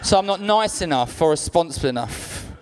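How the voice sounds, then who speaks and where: A young man doing a stand-up comedy set on a club stage, telling stories deadpan and acting out other people's lines. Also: on the high side, clean tone. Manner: acts out others' lines in quick-switching voices.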